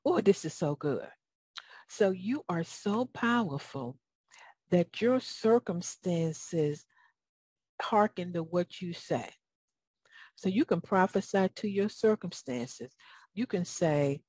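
A woman's voice: on the low side, animated, slow, pauses often, a little mellow, breathy edge, dry recording. A woman with a Southern US accent giving a motivational talk, folksy and preacherly, often asking her audience questions. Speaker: motivational speaker.

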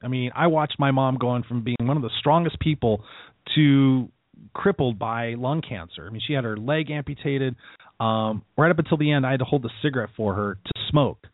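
A middle-aged man hosting a motivational radio show, telling stories in a casual, animated way and acting out the voices of people he quotes. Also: mid-range voice, moderate pace, dry recording. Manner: animated storytelling, acts out quoted lines, casual swearing. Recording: dry, phone-like narrow sound.

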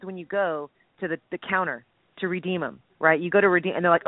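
A man co-hosting a casual radio chat, quick and jokey, excitable in his delivery. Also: high-pitched, dry recording. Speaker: co-host. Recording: tinny phone-like radio sound.

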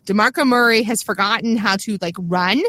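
A woman in her thirties hosting a casual sports chat, telling stories with animated, laughing energy. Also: mid-range voice, fairly quick, no echo. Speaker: podcast host.

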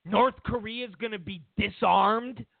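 A man's voice: sits high, unhurried, creaky, no echo. A man hosting a political commentary show, talking emphatically and mockingly, often repeating himself. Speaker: host. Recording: dry, tinny phone-like sound.

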